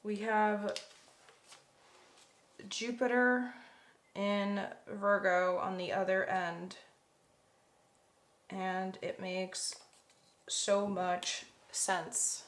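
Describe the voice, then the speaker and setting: A woman's voice: medium pitch, fairly even intonation, drawn-out words, long pauses. A young woman giving a pick-a-card tarot reading to viewers, emotional and effusive, often exclaiming over the cards. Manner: gushing, emotional, addresses viewers as guys.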